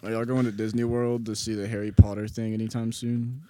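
Laid-back, low-voiced male podcast host. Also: little pitch movement, fairly quick, a crowd in the background. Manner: laid-back, hesitant with fillers, swears. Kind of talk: casual chat.

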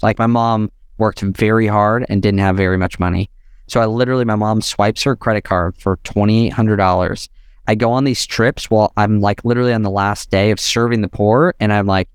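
Lively storytelling man, smooth low voice. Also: no room sound, clean studio sound. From United States. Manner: animated, fast-talking, heavy use of "like" and "literally". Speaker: podcast guest. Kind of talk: storytelling in a podcast interview.

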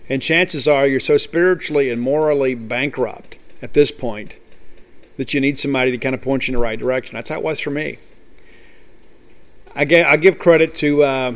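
Man of medium pitch, earnest and conversational, hosts a recovery podcast. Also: fairly bright tone. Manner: earnest, conversational, repetitive fillers. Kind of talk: personal recovery talk.

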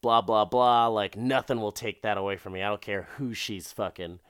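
A man's voice: lowish voice, steady tone, normal speed, a bit bright, clear, resonant tone, dry recording, clean studio sound, lightly acted. A man voicing a crude, angry husband from a horror film, swearing and exasperated. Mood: bitter. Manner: profane and exasperated.

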